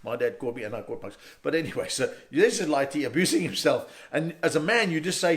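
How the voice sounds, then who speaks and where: Animated South African stand-up comedian. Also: male voice, on the high side, brisk, hardly any pauses. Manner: chatty, slangy, and addresses the audience directly. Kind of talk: stand-up comedy set performed online.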